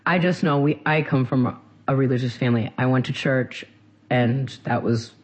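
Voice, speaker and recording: A man from central Massachusetts, a singer being interviewed, talking casually in quick rambling bursts full of restarts. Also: medium pitch.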